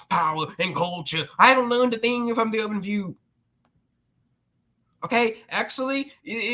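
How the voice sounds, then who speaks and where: A man's voice: sits high, pushed and bright. A man hosting his own channel, delivering a sarcastic, mocking rant with many restarts. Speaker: channel host.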